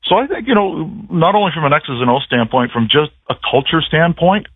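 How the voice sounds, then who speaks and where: A man's voice: on the high side, lively intonation, brisk, husky, no echo. A man calling in to a radio show as a sports broadcaster, telling stories in a rambling, dryly self-mocking way. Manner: rambling storyteller, dry self-mocking humor. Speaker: team play-by-play broadcaster on a call-in guest spot. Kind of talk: casual radio chat. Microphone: phone. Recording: tinny phone line.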